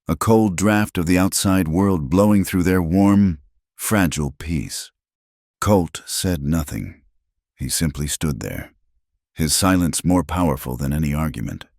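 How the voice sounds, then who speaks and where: A man narrating a scripted story in a measured, steady way. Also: very deep voice, no echo, studio quality.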